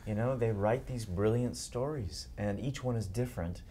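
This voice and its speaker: Male actor guest, lowish mellow voice, careful and measured, over faint room noise. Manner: measured, searching for words. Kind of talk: interview answer.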